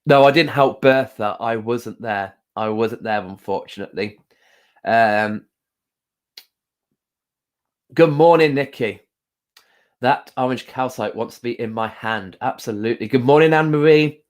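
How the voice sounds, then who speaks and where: A man hosting a casual live stream, talking gently with many pauses and fillers and greeting viewers by name. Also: medium pitch. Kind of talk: casual live-stream chat with card reading.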